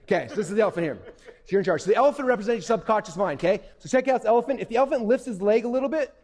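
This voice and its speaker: A man giving an energetic, playful, emphatic live presentation to young people as a motivational speaker. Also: sits high, very fast. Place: event hall. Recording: reverberant hall.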